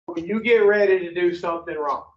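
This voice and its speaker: A high-voiced man preaching to a recovery group, blunt and profane, tossing question after question at his listeners. He is heard from a distance in a roomy space, and the sound is dull and muffled. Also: brisk. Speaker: recovery speaker. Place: meeting room at an addiction recovery center.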